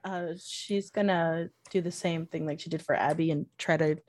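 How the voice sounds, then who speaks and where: A woman's voice: low-pitched, fairly even intonation, normal speed, darkish tone. A woman playing a tabletop role-playing game, talking hesitantly and often repeating words as she decides. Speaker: player. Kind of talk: casual play at a tabletop game.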